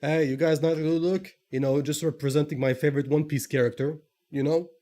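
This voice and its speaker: A man's voice: a little high, steady tone, fairly quick, mellow. A man streaming live, chatting casually and greeting viewers by name one after another. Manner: greets chat viewers by name in a long list.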